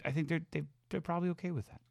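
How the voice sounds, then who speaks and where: A man co-hosting a podcast, rambling and swearing in relaxed casual chat. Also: fairly high pitch, rapid-fire, vocal fry, no echo, studio quality. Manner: rambling, profane, laid-back. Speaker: podcast co-host.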